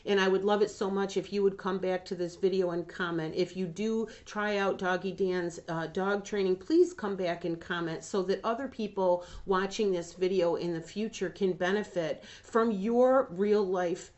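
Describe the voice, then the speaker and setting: A woman's voice: medium pitch, darkish tone, highs cut off. A woman hosting a dog training channel, talking earnestly and emotionally to camera and getting choked up about the dogs. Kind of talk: emotional direct-to-camera talk.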